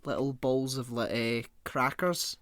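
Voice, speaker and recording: A man co-hosting a podcast in casual chat, animated and sweary, breaking into mocking voices of relatives. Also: medium pitch, unhurried, dry recording, clean studio sound. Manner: animated, swearing, mimics relatives with put-on accents. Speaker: podcast co-host.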